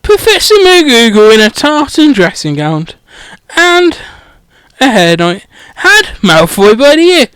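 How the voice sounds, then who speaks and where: A man's voice: very high-pitched, huge pitch swings, measured pace, fairly bright tone, smooth, no echo. A man reading a comedic parody audiobook through a headset mic, irreverent and swearing, often stumbling over words. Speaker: audiobook reader.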